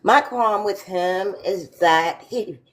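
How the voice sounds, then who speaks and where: A woman's voice: mid-range voice, slow pace, fairly bright tone. Emphatic woman in casual chat. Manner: emphatic, repeats herself when heated.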